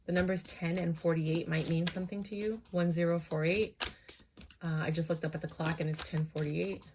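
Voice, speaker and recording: Low-voiced woman giving a tarot reading. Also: steady tone, brisk, background noise. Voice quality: speech she calls cheerleader-like. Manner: chatty, emphatic, talks to viewers directly. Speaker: tarot reader. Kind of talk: casual tarot reading to camera.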